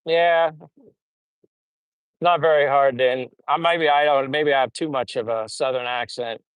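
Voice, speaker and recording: A middle-aged American man with a plain General American accent, hosting a casual livestream and reading viewer comments in a relaxed, rambling way with many fillers. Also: medium pitch, measured pace, clean tone, dry recording. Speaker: livestream host.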